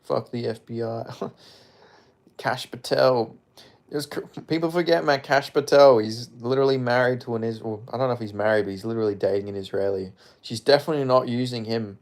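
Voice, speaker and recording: A man's voice: medium pitch, a little fast. A man from Perth with an Australian accent, chatting casually on a live stream, rambling, joking and swearing as he reads chat. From Perth, Western Australia. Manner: rambling, jokey, swears freely, mumbles asides.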